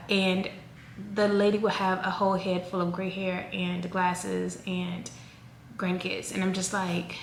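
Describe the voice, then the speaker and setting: A woman's voice: fairly low pitch, unhurried. Chatty woman in her thirties, echoey room. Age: 30s. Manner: chatty, rambling, animated. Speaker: vlogger. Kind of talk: casual chat to camera. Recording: echoey room with faint noise.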